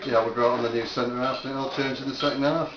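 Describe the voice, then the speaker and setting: A man's voice: mid-range voice, flat delivery, fast talker, very noisy. A man, an amateur footballer, chatting in an easygoing way after a match. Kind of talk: casual post-match chat. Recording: echoey lo-fi recording.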